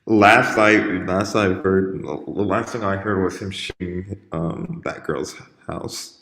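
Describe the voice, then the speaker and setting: Man, co-host, casual chat, skeptical, very deep voice, long room echo. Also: fairly even intonation, slow, a bit bright.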